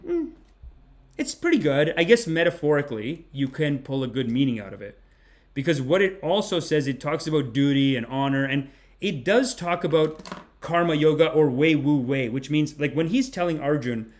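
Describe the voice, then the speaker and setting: A man's voice: a little high, animated, fairly quick, soft background music. Profane, sarcastic man ranting on a podcast. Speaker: podcast host and comedian. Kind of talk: comedic storytelling rant.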